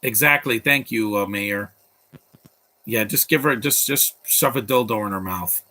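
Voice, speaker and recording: A man's voice: on the low side, unhurried, sharp tone. A man hosting a live movie commentary stream, blunt and opinionated, rambling with restarts.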